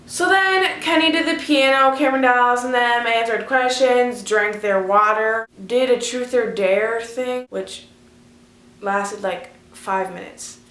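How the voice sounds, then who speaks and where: A woman's voice: on the high side, unhurried, a bit bright. Teen girl, vlog storytelling, gushing, filler-heavy, roomy echo. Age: teens. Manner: chatty, gushing, heavy use of "like". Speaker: vlogger. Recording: echoey room.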